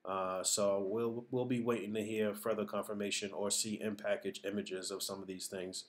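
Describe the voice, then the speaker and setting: A man's voice: lowish voice, little pitch movement, moderate pace. A man giving casual, reflective vlog commentary on what he saw and heard. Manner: reflective, hedging, talks things through. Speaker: vlogger.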